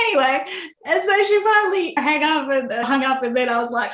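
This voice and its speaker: A woman's voice: high voice, moderate pace, slight background noise. Aussie woman author telling a story, laughy, keeps restarting, echoey room. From Australia. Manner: animated storyteller, laughs often, many restarts. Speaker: author guest. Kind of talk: casual interview chat. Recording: roomy echo.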